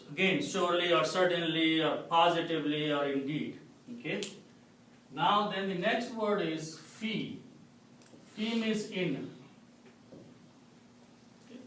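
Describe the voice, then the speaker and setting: A man teaching a classroom lesson, with a slightly higher voice and a slow, deliberate pace. He explains step by step and keeps checking in with his students. He is recorded from a distance in a very echoey room with faint noise behind him. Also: a bit bright. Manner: slow, explanatory, repeats "okay?" to check understanding. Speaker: Quran Arabic teacher. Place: mosque classroom.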